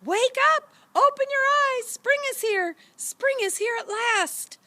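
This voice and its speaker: Give me a woman putting on excited little kids shouting, sharp and lively. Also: slow, no echo, full character voice. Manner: shrill and loud. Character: excited young siblings shouting wake-up.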